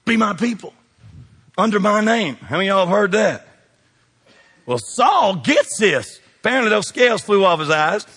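A man preaching a sermon, folksy and emphatic, dropping low and rising to shouts. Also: big pitch swings, moderate pace, breathy edge, soft background music. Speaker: pastor.

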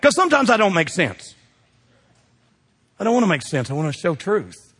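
A husky, high-pitched man preaching to his congregation, emphatic and full of call-outs. His voice rings with the long reverb of a big church sanctuary. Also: sing-song, normal speed, a bit bright. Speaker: pastor. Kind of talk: sermon. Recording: long reverb of a large hall.

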